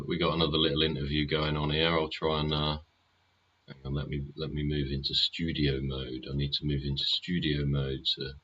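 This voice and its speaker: A man's voice: very deep voice, pushed and bright, husky, muffled recording. A man hosting a live stream, chatting casually and sardonically, swearing often and asking rhetorical questions. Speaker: livestream host.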